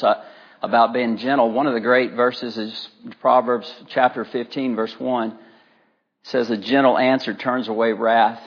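A man's voice: mid-range voice, lo-fi sound. Conversational middle-aged male pastor preaching. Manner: conversational, anecdotal, with frequent fillers. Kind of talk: sermon.

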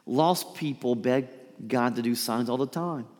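A man preaching a sermon, lively and emphatic, sometimes dropping to a soft pleading voice to act out a quote. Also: mid-range voice, measured pace. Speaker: pastor. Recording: reverberant hall.

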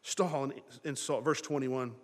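A man preaching a sermon in an animated way, acting out the thoughts of the people in his story. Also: medium pitch, unhurried, in a large hall. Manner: animated, acts out characters' thoughts in dialogue.

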